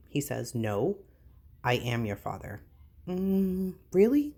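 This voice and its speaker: A woman vlogging casually, reading items aloud and reacting with exasperated disbelief. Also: rumbling low. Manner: incredulous, exasperated, animated reactions.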